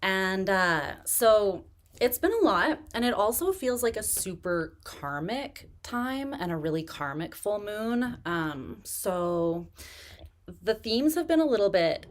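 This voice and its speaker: A woman hosting a tarot live stream, chatting in a relaxed, rambling way with many fillers, still recovering from pneumonia and pacing herself to catch her breath. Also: mid-range voice, slow. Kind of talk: casual live-stream chat.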